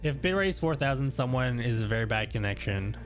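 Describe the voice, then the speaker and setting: Fairly quick and expressive, a medium-pitched man chats casually with viewers during a live stream, laughing often as he rambles. He speaks into a studio mic through an audio mixer, and faint music plays behind him.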